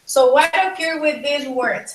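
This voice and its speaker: A woman from Panama with a Panamanian Spanish accent, teaching a linguistics class and slowly repeating words to model pronunciation. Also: sits high, echoey room, poor audio. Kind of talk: bilingual classroom lecture.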